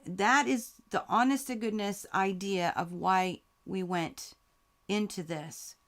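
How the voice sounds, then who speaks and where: A woman's voice: medium pitch, slow. A woman hosting a live quilting Q&A stream, talking heartfelt and grateful while reading out viewer comments, close to tears. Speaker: quilting channel host.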